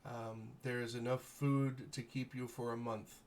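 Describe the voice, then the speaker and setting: A man's voice: mid-range voice, little pitch movement, measured pace, noisy background, close to an everyday voice. Man acting as a stately, grateful baron. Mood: grateful, formal. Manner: formal, stately court speech. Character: gracious noble male baron addressing heroes.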